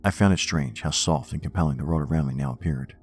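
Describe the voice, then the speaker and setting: A man narrating a first-person horror story in a measured, wry, reflective way. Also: very deep voice. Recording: faint music bed under narration.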